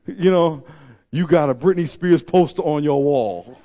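A man's voice: fairly high pitch, takes it slowly. A man preaching a sermon, telling stories and joking with his listeners. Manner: animated storytelling, joking with the audience. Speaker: pastor.

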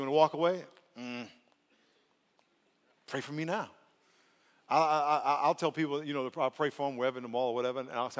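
Animated preacher man in a reverberant hall. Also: fairly high pitch, a little fast, long pauses. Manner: animated, playful, swings from soft to shouting. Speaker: pastor. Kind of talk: sermon.

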